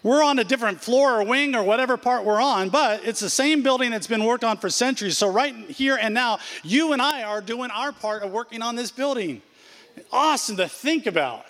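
A man in his sixties preaches in a high, light voice, hammering his points with repeated phrases and loose asides. His words ring out with a long reverb across a large church hall. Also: lively intonation, fairly quick, a bit bright. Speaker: pastor. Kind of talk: sermon. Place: church sanctuary.

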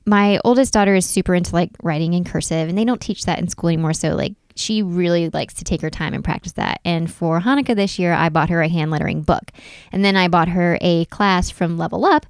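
A woman's voice: on the low side, a little fast, clean tone, dry recording, studio quality. A woman in her thirties chatting casually as a podcast co-host, telling stories with lots of "like". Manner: chatty, animated storytelling with frequent "like". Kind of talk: casual chat.

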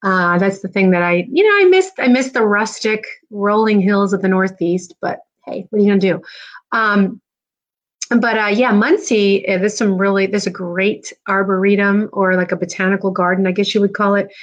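A woman's voice: mid-range voice, fairly even intonation, normal speed. A middle-aged woman from New Jersey hosting a live stream, chatting casually and rambling with lots of fillers. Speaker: podcast host.

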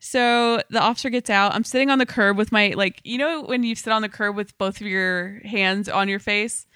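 A bright-voiced woman tells a wild night-out story on a podcast, acting out every line with lots of "like". The sound is dry and close. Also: mid-range voice, steady tone, moderate pace, smooth, no room sound. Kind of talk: casual storytelling chat.

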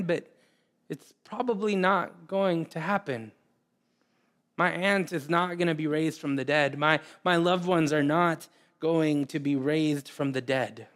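A man preaching a sermon in an earnest way, often repeating words and pausing. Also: a little high, a bit bright. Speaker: pastor.

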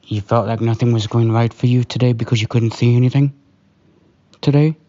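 A man doing a comforting partner role-play, talking softly and slowly in a hushed, soothing way. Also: medium pitch, steady tone, lo-fi sound. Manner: soft, hushed, soothing and slow. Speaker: storyteller.

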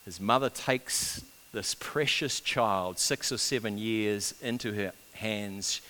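A man preaching a sermon, swinging between loud urgent build-ups and hushed, quiet passages. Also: on the low side, takes it slowly. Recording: long reverb of a large hall.

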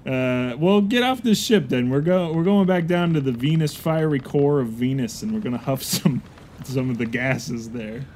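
A man's voice: medium pitch, moderate pace, darkish tone, a little hiss or hum. A man improvising a pirate crewman in a comedy scene, with playful, jokey banter. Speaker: podcast co-host.

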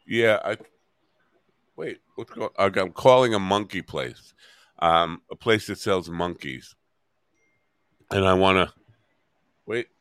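Deep-voiced guy hosting a podcast solo, muttering and rambling, dry close sound. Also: slow pace, pauses often, a bit bright, clear, resonant tone, no echo. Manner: rambling, mutters to himself, wry asides. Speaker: podcast host.

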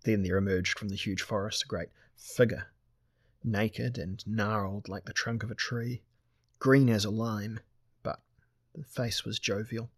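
A man narrating a fantasy audiobook in a steady, measured way. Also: fairly low pitch, dry recording.

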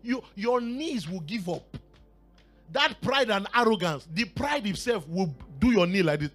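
A man preaching a sermon with fervor, dropping to a hush and then rising to shouts and half-sung phrases, sometimes speaking in tongues. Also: high-pitched, big pitch swings, normal speed, faint music behind. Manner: fervent, swings from hushed to shouting and half-singing.

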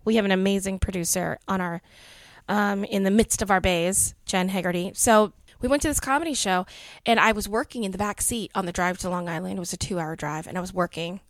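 A woman co-hosts a podcast, telling stories in a chatty, casual way and laughing often. Her mid-range voice moves fairly quickly, and there's no echo.

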